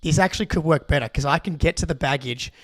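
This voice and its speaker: Excitable young Australian man telling a story. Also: on the high side, fast talker, no room sound. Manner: excitable, rambling with many restarts. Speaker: podcast co-host. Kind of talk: casual storytelling.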